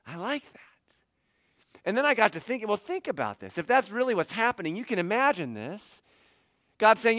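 A male pastor preaching with a bright, forceful, fairly high voice. He swings from loud emphatic peaks down to hushed asides and chuckles often. The sound is dry and close, with no room echo. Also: sing-song, moderate pace, long pauses. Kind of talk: sermon.

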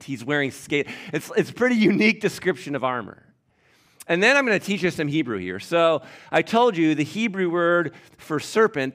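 A pastor preaching an animated, emphatic sermon, teaching from scripture and speaking directly to his congregation. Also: on the high side.

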